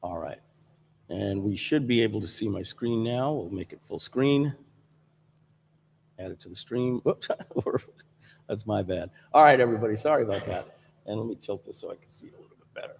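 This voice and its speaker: A man hosting a live software stream from a studio, talking casually with lots of fillers and restarts. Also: fairly low pitch, animated, normal speed, creaky, long pauses, in a large hall, a little hiss or hum. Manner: rambling with many fillers and restarts. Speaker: livestream host.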